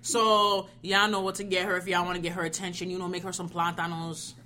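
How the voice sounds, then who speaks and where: A young woman co-hosting a podcast, talking loudly and profanely in crude, animated banter. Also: lowish voice, fairly quick, a little hiss or hum. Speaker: podcast co-host.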